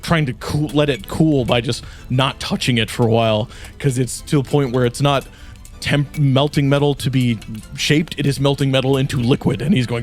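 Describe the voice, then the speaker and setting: A man's voice: mid-range voice, normal speed, soft background music. A man running a tabletop game as game master, narrating scenes and slipping into character voices. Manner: animated, switching into character voices.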